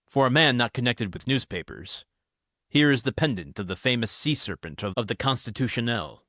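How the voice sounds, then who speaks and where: A man's voice: mid-range voice, animated, brisk, bright, forceful tone, no echo, clean studio sound. A man voicing a sardonic young Parisian journalist in an American accent, teasing and mocking.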